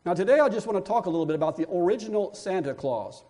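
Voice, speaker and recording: High-voiced man preaching a sermon. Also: lively intonation, fast talker, warm tone. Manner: preaching with emphatic repetition. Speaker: pastor.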